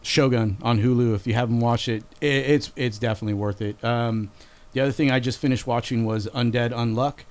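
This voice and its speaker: A man's voice: mid-range voice, steady tone, a little fast, smooth. Rambling casual podcast guy. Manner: loose, rambling, swears casually. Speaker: podcast co-host. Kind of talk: casual chat.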